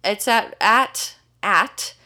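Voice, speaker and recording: A woman's voice: medium pitch, very slow, pushed and bright. A young woman co-hosting a casual podcast, dry and sardonic, laughing often. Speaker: podcast co-host. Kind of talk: casual chat.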